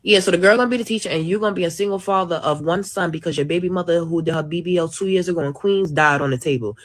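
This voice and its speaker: A woman's voice: on the low side, racing. Brash, profane woman telling a story. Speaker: social media content creator. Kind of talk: storytime monologue.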